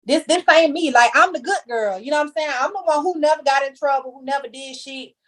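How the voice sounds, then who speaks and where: A woman's voice: high-pitched, quick pace, fairly bright tone. Candid young woman telling her story. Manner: candid, emphatic storytelling with slang. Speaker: podcast guest. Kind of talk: casual chat.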